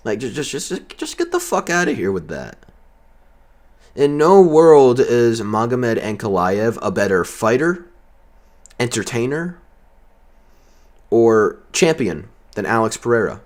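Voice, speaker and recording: A man delivering a heated, profane and sarcastic vlog rant. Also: lowish voice. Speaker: vlogger. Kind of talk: ranting commentary.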